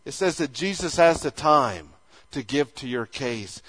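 A man's voice: mid-range voice, expressive, measured pace, a bit bright. A male pastor preaching a conversational sermon, acting out imagined dialogues as he goes.

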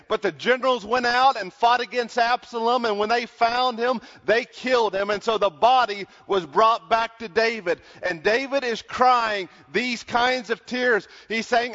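High-voiced man preaching in a big hall. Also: a bit bright. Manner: earnest, slows down to stress lines. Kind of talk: sermon. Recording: dull sound with long hall reverb.

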